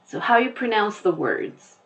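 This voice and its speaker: A woman with an American accent teaching a lesson, explaining deliberately and repeating her key points. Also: mid-range voice, very animated, lo-fi sound.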